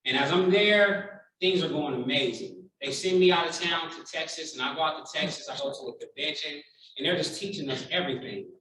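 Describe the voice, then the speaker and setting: A man in his thirties gives a keynote as a heartfelt personal story, slipping into the voices of the people in it. His voice is bright and sits a little high for a man. The sound comes from some distance in a large, very echoey hall. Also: brisk. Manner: heartfelt, animated storytelling with acted-out quotes. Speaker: keynote speaker. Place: large conference room.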